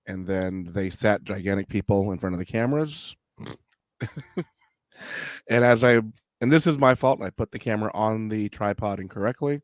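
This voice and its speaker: A man's voice: on the low side, moderate pace, long pauses, no echo, studio quality. A man co-hosting a podcast, recounting events in a matter-of-fact, self-deprecating way. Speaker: podcast co-host. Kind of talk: casual podcast chat.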